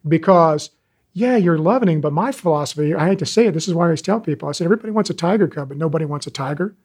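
A man in his sixties, an animal rescuer telling stories in an interview, animated and folksy. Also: a little high, racing, husky. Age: 60s. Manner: animated, folksy storyteller, acts out quoted callers. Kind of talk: interview talk, storytelling.

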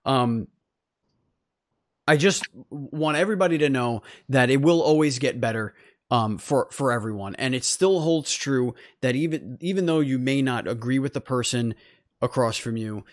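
A man's voice: mid-range voice, normal speed, no room sound, studio quality. A man hosting a podcast, giving an earnest, rambling sign-off full of restarts and fillers. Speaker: podcast host. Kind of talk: casual sign-off chat.

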